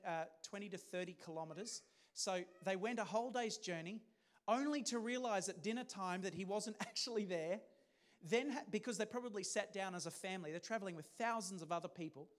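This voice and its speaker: A man preaching a sermon as pastor, talking in a conversational way and putting questions to the congregation. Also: sits high.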